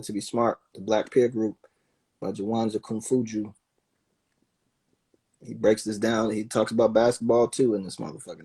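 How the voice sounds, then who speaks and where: A man's voice: on the low side, a little mellow, husky. A man in casual conversation, riffing in a profane, loose way and acting out quoted voices. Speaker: guest in conversation. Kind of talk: casual chat.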